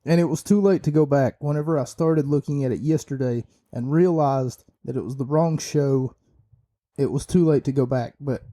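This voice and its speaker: A man's voice: mid-range voice, mellow. A man hosting a podcast, giving an opinionated, rambling wrestling review with many fillers and restarts. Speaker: podcast host.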